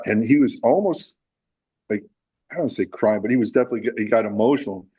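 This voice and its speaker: Male musician guest, lowish voice, rambling animated storyteller with many fillers. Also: a little fast, pauses often, slightly rough, highs cut off. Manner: animated storyteller, acts out quotes with lots of fillers. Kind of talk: casual storytelling interview.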